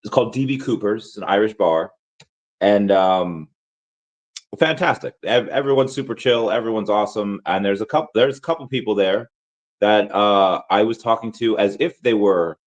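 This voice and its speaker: A crypto vlogger with a hoarse, worn-out, fairly low voice chats casually at a moderate pace, rambling with many restarts and fillers.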